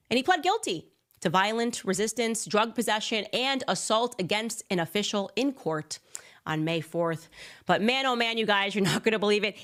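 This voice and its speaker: A woman's voice: medium pitch, fairly bright tone. Sarcastic woman hosting a monologue. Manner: sarcastic, mock-incredulous. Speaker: commentator host.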